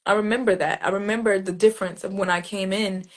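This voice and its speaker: A woman's voice: medium pitch, fairly even intonation, fast talker. A woman poet being interviewed, telling a personal story in a casual, earnest way, with many "like"s and restarts. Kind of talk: reflective conversational storytelling.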